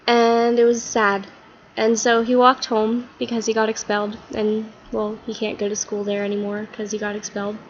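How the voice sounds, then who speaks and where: A woman's voice: fairly high pitch, completely flat delivery, moderate pace, dull audio, slight background noise. A woman vlogger telling a story in a casual, rambling way with lots of fillers.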